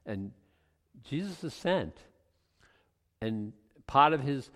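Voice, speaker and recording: A man's voice: mid-range voice, sing-song, takes it slowly, pauses often. A man giving informal verse-by-verse Bible teaching in a conversational way, often restarting and adding asides. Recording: long hall reverb.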